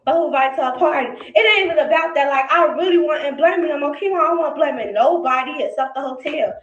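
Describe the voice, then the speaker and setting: A woman's voice: sits high, fast talker, a bit bright, muffled recording. A woman ranting angrily and defensively on a live stream, swearing often, repeating herself and raising her voice. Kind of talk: angry live-stream rant. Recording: echoey, noisy, played back with clicks.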